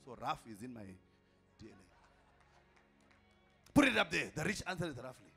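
A man's voice: mid-range voice, very animated, measured pace, husky, soft background music. A man preaching a sermon as an apostle, calling out to the congregation and repeating lines for effect. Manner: emphatic, calls out to the congregation, repeats lines for effect, at times shouting.

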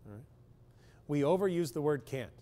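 A man's voice: fairly high pitch, animated, moderate pace, dark tone. A man, a clinical psychologist, speaking bluntly and with humor in a public talk to parents, often asking the audience questions.

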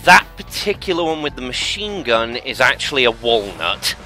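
A man guesting on a game commentary, chatting at a middle pitch in a relaxed, matter-of-fact way. He explains details to his co-host over steady game music. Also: normal speed. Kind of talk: casual gameplay chat.

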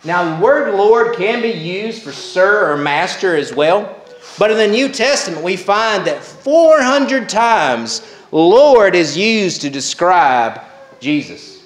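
A male pastor preaching a Baptist sermon, slow and emphatic, with repeated refrains. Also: high-pitched, big pitch swings. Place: church sanctuary. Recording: echoey church sanctuary.

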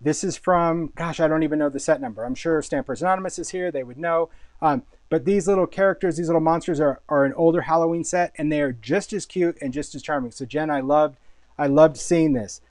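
A man's voice: fairly high pitch, fairly quick, a little mellow, dry recording. A man hosting a casual live product showcase, talking with enthusiasm, chatty and often repeating words as he thinks. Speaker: host and product designer.

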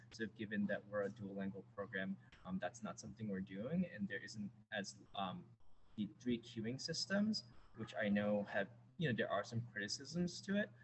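A man with a lowish voice speaks as an educator on a school panel. He explains research in a measured way, with many fillers. There is clear noise behind him. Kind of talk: panel discussion answer.

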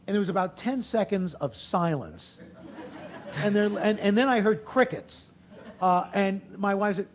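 A man of sixty, a guest speaker telling lively anecdotes on stage in front of an audience, acting out the voices of the people in his stories. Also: high voice, unhurried. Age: 60s. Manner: lively storyteller, acts out quotes. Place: event hall with audience.

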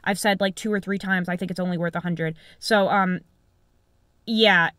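A woman's voice: lowish voice, fairly even intonation, moderate pace, a bit bright, dry recording. Blunt, rambling woman vlogger, dry sound. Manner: rambling, blunt, swears casually, many "um"s. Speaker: knife reviewer and vlogger. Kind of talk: casual chat to camera.

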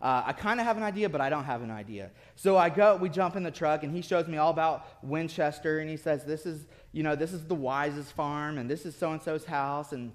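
A man preaching a sermon as pastor, telling a story with bursts of laughter and then dropping to quiet intensity. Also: fairly high pitch. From city-raised. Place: church sanctuary. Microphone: lectern mic at a podium.

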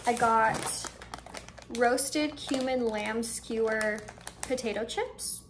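Bright and high-voiced, a young vlogger speaks slowly over background noise from the air conditioner in her home. Her haul-and-taste-test video is chatty and excited, with her musing out loud as she samples things.

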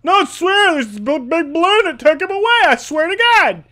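A man voicing a scared, panicky male enemy guard in a video game, pleading in a high, frantic voice. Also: lively intonation, slow pace, sharp tone, exaggerated voice.

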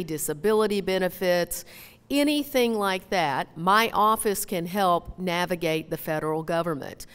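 A woman with a Minnesotan twang speaks at a podium, her lowish voice smooth and clear. Her talk is folksy and earnest, full of small pauses and fillers, and it rings out with a long reverb through a big hall. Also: a bit bright. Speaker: member of Congress. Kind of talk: town hall speech. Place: large hall. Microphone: podium mic.

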